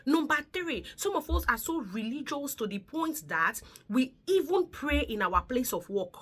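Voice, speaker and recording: A woman from Africa speaks as a nurse in a casual advice vlog. Her voice is bright and edged, and it rises and falls with animated expression. She lectures earnestly and keeps asking whether you understand. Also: high voice, moderate pace. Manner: earnest, lecturing, repeats warnings with rhetorical questions. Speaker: nurse giving advice to migrant care workers.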